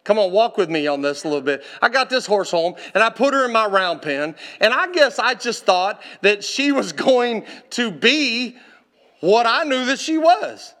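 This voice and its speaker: A man preaching a sermon as a personal story, animated and laughing, often calling out to the congregation. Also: high-pitched, moderate pace.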